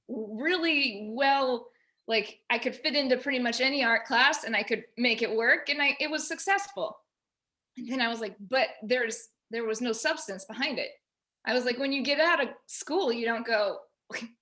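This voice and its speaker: A woman on a video call at home, telling a personal story in an animated way and quoting herself and others. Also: fairly high pitch. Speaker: featured artist guest. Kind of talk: casual video call discussion.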